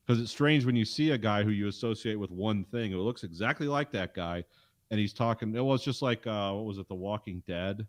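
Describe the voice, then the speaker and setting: Low-voiced man in casual podcast chat. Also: fairly quick, no echo, studio quality. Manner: rambling, conversational, with frequent fillers. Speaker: podcast co-host. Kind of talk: casual chat recapping a TV episode.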